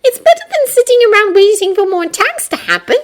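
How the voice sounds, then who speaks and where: A woman's voice: very high voice, very animated, fast, voice pushed up. A woman voicing an earnest, bossy schoolgirl witch who explains and insists. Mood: stung. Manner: insistent, eager, lecturing. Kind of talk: fan audiobook character voice.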